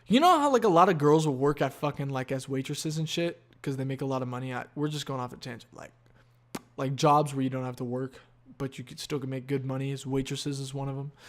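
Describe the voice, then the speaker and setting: A man hosting a podcast, telling a long story in a casual, profane monologue that is full of fillers and has loud, animated exclamations. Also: medium pitch, quick pace. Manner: profane, rambling, heavy on fillers. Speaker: podcast host.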